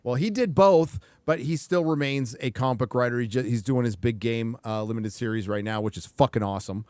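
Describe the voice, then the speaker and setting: A man's voice: medium pitch, a little fast, a little mellow, no echo. Emphatic, rambling stream host man. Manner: emphatic, profane, rambling asides. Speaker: show host. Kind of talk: casual livestream talk.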